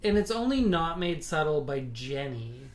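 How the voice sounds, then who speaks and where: A woman's voice: low voice, big pitch swings, moderate pace. A woman co-hosting a podcast in casual chat, jumping between points. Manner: chatty, jumps between points. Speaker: podcast co-host.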